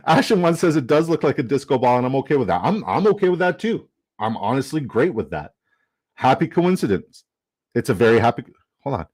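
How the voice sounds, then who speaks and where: A young man casually chatting on a live stream, reading chat comments aloud, excitable and swearing freely. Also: mid-range voice. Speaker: fantasy football streamer.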